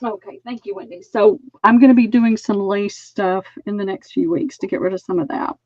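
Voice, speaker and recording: A woman's voice: mid-range voice, steady tone, normal speed, darkish tone, dry recording, muffled recording. A woman with a Southern US accent, hosting a live online sale and chatting as she describes fabric pieces. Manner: chatty, describes fabric items aloud while selling. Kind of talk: casual live-sale chat.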